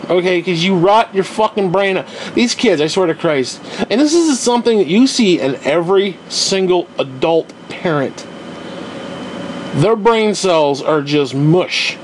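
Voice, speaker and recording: A man's voice: sits high, lively intonation, a little slow, a little hiss or hum. A young man hosting a podcast, ranting in a casual, profane, exasperated and rambling way. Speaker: podcast host.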